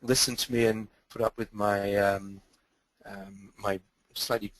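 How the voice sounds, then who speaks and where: A man's voice: lowish voice, level tone, measured pace, dry recording, poor audio. An older man with a mid-Atlantic accent, giving a webinar talk as a guest speaker and answering questions, rambling and hesitant, full of fillers and restarts.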